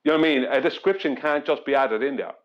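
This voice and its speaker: A man's voice: mid-range voice, fast talker, dull audio. A man in a live stream discussion, explaining a point earnestly with frequent restarts and repeats.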